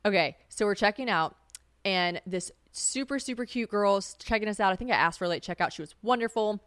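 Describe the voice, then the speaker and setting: Brisk and fairly bright, a young woman runs her own laid-back podcast, cursing freely and laughing as she chats. She often imitates what people said in a high voice, and the recording has no echo.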